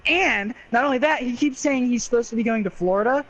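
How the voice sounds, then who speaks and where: A man co-hosting a casual movie review podcast, animated and exasperated, swearing freely. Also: very high voice, quick pace, dull audio. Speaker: podcast co-host.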